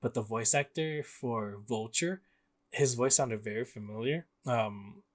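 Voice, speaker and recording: Young male co-host, mid-pitched, rambly and laugh-prone, casual game chat. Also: measured pace. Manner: rambling, laughs often, many fillers. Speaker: podcast co-host.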